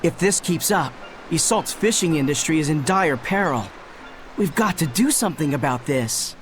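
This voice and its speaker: An actor voicing an excitable fisherman villager in a video game. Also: mid-range voice, moderate pace, soft background music, natural voice. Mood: animated.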